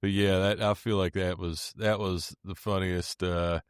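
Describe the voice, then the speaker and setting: A man's voice: low-pitched, little pitch movement, measured pace, clear, resonant tone, no echo, studio quality. A man co-hosting a podcast, chatting in a loose, rambling way and swearing freely. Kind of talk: casual chat.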